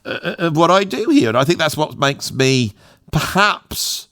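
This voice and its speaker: Unhurried and expressive, a fairly high, somewhat bright voice belongs to a middle-aged man from England. He's a YouTuber and musician rambling through an off-the-cuff vlog monologue while poking fun at himself.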